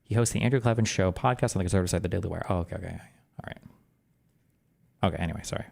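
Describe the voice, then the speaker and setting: A man talking casually on his stream, explaining things quickly and animatedly, his voice jumping higher when he gets exasperated. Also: vocal fry. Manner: fast, animated, explanatory talk that jumps up in pitch when exasperated. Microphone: close desk microphone.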